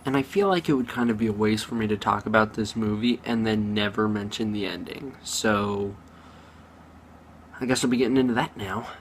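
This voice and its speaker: Man, movie reviewer, casual rambling talk, acts out quotes, low voice. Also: normal speed, a little hiss or hum.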